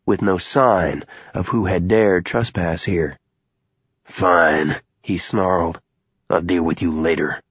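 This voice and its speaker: A man narrating an audiobook in a measured, somber, steady way. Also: on the low side, breathy edge, dry recording, lo-fi sound.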